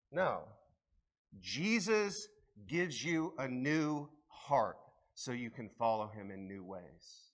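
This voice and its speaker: A man's voice: medium pitch, big pitch swings, slow. A man preaching a sermon as pastor, conversational and earnest, rising to emphatic peaks.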